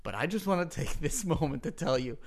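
A man doing an improvised comedy impression of a brash, boastful wrestling referee, crude and cocky, breaking into loud sung cries. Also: on the high side, animated, fairly quick, gravelly. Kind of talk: comedy podcast improv bit.

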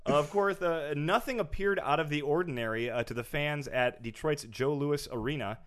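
A man's voice: a little high, normal speed. A man hosting a comedy sports podcast, reading a scripted mock news story in a dry newsreader tone. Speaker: podcast host.

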